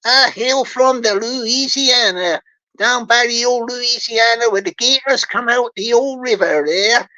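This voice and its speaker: A woman voicing a male scammer who fakes a slow Louisiana drawl to pass as an American. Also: fairly high pitch, bright, forceful tone, lo-fi sound. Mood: boastful. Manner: slow drawling put-on accent.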